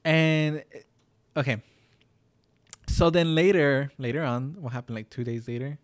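A man's voice: on the high side, fairly even intonation, a little slow, dry recording. Rambling young man telling a story. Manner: rambling, heavy use of "like", swears. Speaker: podcast co-host. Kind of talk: casual storytelling chat.

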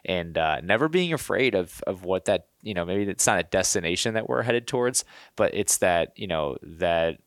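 A man's voice: sits low, expressive, normal speed, no room sound, clean studio sound. A man hosting a podcast in casual interview chat, earnest and rambling with many fillers and restarts. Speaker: podcast host.

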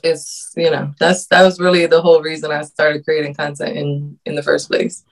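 A woman's voice: low-pitched, level tone, normal speed, rough recording. A woman guest on a podcast who creates content, talking in a casual, earnest and heartfelt way, laughing often.

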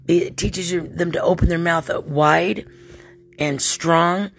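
A woman's voice: lowish voice, steady tone, moderate pace, slight background noise. A woman hosting a podcast alone, talking in a rambling, chatty way and laughing often. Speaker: podcast host. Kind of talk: casual solo podcast monologue.

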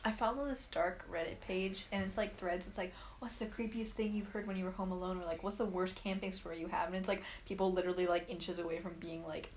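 A woman's voice: fairly low pitch, steady tone, fast, few pauses, slight background noise. A woman chatting casually with a friend, rambling with lots of "like" and playful teasing. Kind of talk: casual chat between friends.

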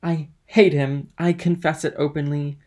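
A man's voice: fairly high pitch, little pitch movement, a little slow, a little mellow, natural voice. Man doing bitter, impatient young rival. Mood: bitter urgency. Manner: urgent, impatient.

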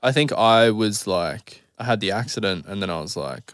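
A man's voice: on the low side, animated, moderate pace, few pauses, fairly bright tone, no room sound, studio quality. A man in his thirties, a podcast guest telling his story candidly in a blunt, rambling way, swearing freely. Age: 30s.

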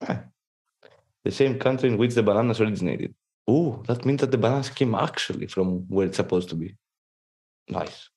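A man with a Greek accent, co-hosting a podcast, reading news aloud in a halting way and stopping to joke. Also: on the low side, a little mellow, husky. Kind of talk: casual chat.

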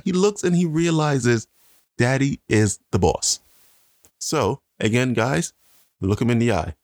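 A man's voice: mid-range voice, expressive, a little slow, a little mellow, dry recording, clean studio sound. A man co-hosting a casual chat, a father bragging in a playful, mock-serious way. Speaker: podcast co-host, father.

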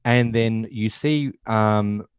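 A man's voice: lowish voice, takes it slowly, smooth, no echo, studio quality. A man casually recapping a film scene by scene, rambling and acting out quotes in passing. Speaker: podcast host.

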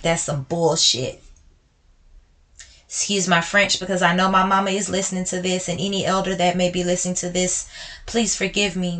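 A woman with a bright, forward voice talks straight to her podcast listeners. She is blunt and emotional and calls them y'all, slowing right down on the heavy parts and then rushing ahead. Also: mid-range voice. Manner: swings between slow and quick speech. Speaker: podcast host. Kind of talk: personal talk to listeners.

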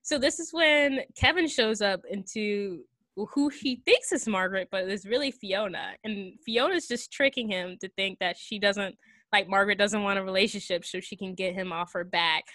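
A woman casually recapping a film plot in a chatty, rambling way, full of fillers and quick giggles. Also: mid-range voice, a bit bright, no echo. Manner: rambling, giggly retelling with many fillers and acted quotes. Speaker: podcast co-host recapping a film. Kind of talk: casual chat.

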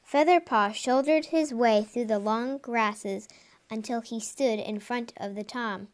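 A woman's voice: a little high, a little slow. Woman reading a storybook aloud. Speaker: audiobook reader. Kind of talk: storybook narration.

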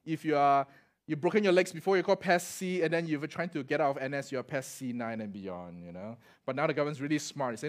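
A middle-aged Singaporean man preaching a sermon, telling stories and acting out the voices, swinging from loud to quiet. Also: fairly high pitch, fast talker. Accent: Singaporean English. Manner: animated, acts out voices in anecdotes, swings loud to soft. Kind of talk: sermon with storytelling.

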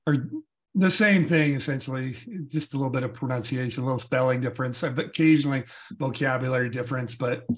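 An American man hosts a relaxed interview podcast at an ordinary middle pitch. He talks affably, often agreeing with his guest and laughing along. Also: fast. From United States. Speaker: podcast host. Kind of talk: casual interview chat.

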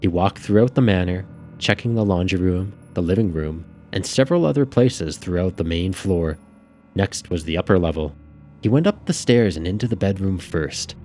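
Deep-voiced male audiobook narrator. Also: expressive, normal speed, dark tone, a little hiss or hum.

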